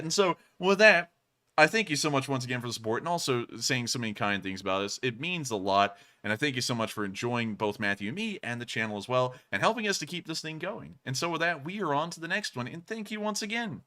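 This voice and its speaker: A man in his twenties co-hosting a live stream, chatting casually and rambling with lots of fillers and restarts, deliberately raising his pitch. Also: lively intonation, sharp tone. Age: 20s. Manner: speaks in a deliberately raised pitch. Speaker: stream co-host.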